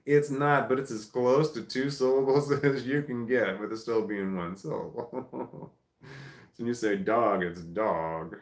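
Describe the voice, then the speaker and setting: A man's voice: medium pitch, fairly even intonation, measured pace. A man hosting a live stream, reading viewer comments aloud in casual chat and chuckling often. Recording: echoey room.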